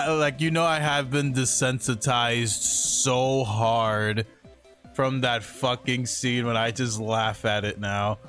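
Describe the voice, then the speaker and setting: Slow-talking young male gaming streamer. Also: mid-range voice, faint music behind. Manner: slangy and profane, laughs often, reacts loudly to in-game deaths. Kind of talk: casual gaming livestream commentary.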